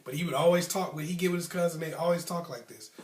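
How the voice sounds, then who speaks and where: A man's voice: a little high, quick pace, distant mic. Man, casual storytelling, chatty, fillers, roomy echo. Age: adult, past his youth. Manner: conversational, many ums and likes, acts out friends' tough talk. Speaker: storyteller, channel host. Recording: echoey room.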